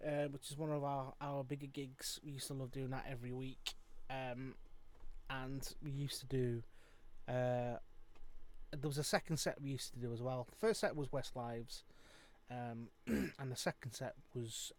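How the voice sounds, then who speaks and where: A man who sings and live streams, telling rambling stories in casual chat with many fillers. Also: medium pitch.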